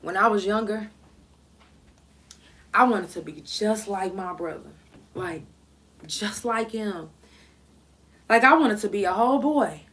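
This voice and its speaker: Bright-voiced woman telling a personal story. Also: medium pitch, expressive, unhurried, long pauses, slight background noise. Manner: blunt, profane, emotional. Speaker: podcast host.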